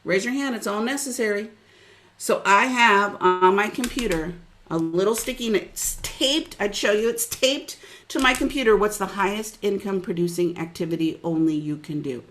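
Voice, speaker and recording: A middle-aged woman business coach giving an energetic, preachy motivational webinar talk and calling out listeners by name. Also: medium pitch, moderate pace, slight background noise.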